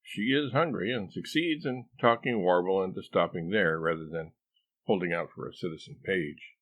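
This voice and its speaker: Deep-voiced man narrating a comic audiobook. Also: normal speed, a bit bright.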